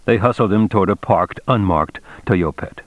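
A man narrating an audiobook in a measured, expressive reading style. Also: on the low side, dry recording. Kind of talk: scripted narration.

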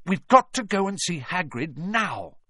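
A man's voice: sits high, very animated, unhurried, sharp tone, husky, no echo, studio quality, pitched above the performer's own voice, heavily acted. Man voicing a worried, urgent young wizard boy.

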